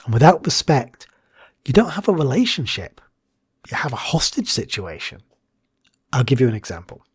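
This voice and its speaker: Very animated and husky-voiced, this man delivers a scripted educational talk in his role as a hypnotherapist and coach. He moves at a moderate pace with long pauses, swinging between punchy highs and low, breathy asides, and drops key words into a hushed whisper for drama.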